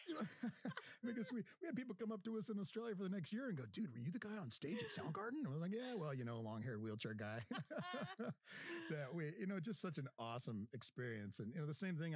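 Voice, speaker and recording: Podcast host, male, animated storyteller, lively voice, dry sound. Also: a little high, fairly quick, no room sound. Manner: animated storyteller, acts out quotes. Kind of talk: casual storytelling chat.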